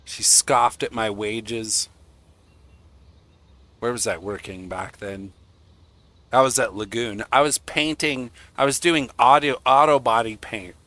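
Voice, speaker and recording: A man's voice: mid-range voice, slow, long pauses, bright, forceful tone, dry recording. A young man streaming and chatting casually, rambling and joking crudely. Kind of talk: casual chat.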